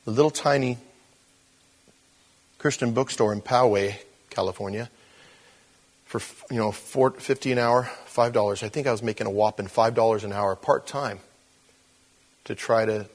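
An older man speaking as a preacher who tells stories rather than lecturing. His delivery is conversational and animated, and he slips into the voices of the people he describes. His voice sits in an ordinary middle range. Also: mid-range voice. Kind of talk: conversational sermon storytelling.

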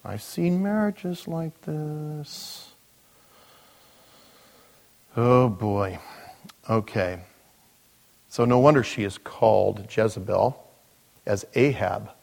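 A man, a pastor, preaching a sermon in a relaxed, joking way, with lots of asides. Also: on the low side, slow pace, gravelly, long pauses. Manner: conversational, joking, frequent "you know" asides. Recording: long reverb of a large hall.

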